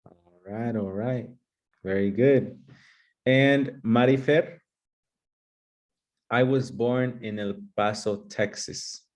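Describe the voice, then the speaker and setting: A male English teacher with a mid-range voice who leads the class at a brisk pace. He moves quickly from student to student and hands out praise as he goes. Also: mid-range voice, a little mellow. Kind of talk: playful classroom sketch.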